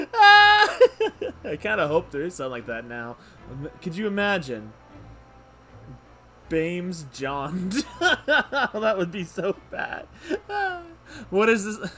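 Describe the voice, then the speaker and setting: Giggly, animated man streaming a game. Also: high-pitched. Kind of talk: live game playthrough commentary.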